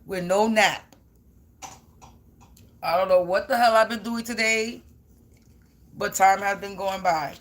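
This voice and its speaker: A woman's voice: medium pitch, steady tone, slow, long pauses. A woman who reads tarot cards talks straight to her viewers in a loose, rambling way. Her speech is blunt and slangy, full of casual swearing. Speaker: tarot card reader.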